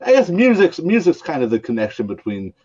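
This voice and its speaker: A man's voice: fairly high pitch, wildly swooping pitch, fairly quick, darkish tone, breathy edge. Man chatting with a dull lo-fi sound. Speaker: podcast guest. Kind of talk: casual podcast chat.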